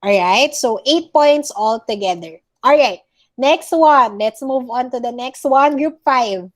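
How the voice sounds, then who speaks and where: A woman's voice: high-pitched, animated, a little slow. A woman with a Filipino accent teaching an online class, going through words one by one and correcting how they are pronounced, switching now and then into Tagalog. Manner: corrects word by word, mixes English with Tagalog. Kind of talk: online class pronunciation feedback.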